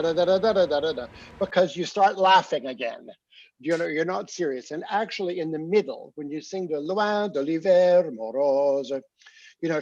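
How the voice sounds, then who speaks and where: Man coaching a singer, husky and lo-fi. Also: fairly high pitch, a little mellow. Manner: chatty, sings phrases to demonstrate, many fillers. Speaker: opera coach on a master class panel. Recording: dull lo-fi recording.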